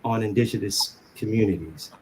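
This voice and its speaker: A man on a discussion panel, talking casually and haltingly, often restarting and repeating words. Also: lowish voice, crowd noise. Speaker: panelist on Cherokee language.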